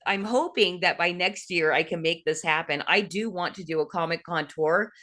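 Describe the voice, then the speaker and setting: A woman hosting a casual livestream interview over a video call, chatty and quick to laugh, with a bit of casual swearing. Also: lowish voice, a bit bright. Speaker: host.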